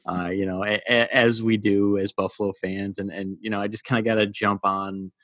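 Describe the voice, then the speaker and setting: A man with a low voice joking his way through a casual hockey podcast chat. He, a wry, self-deprecating humor, and often stammers as he restarts a thought. The recording is dry and close. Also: little pitch movement, moderate pace, fairly bright tone, no echo. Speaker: podcast co-host.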